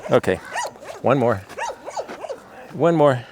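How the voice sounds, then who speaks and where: A man talks to rescue dogs in a coaxing, affectionate way and now and then explains things to the camera. He is recorded outdoors at a sanctuary. Steady background noise and barking come through. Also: mid-range voice, takes it slowly. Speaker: animal rescuer. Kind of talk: casual talk to dogs and camera.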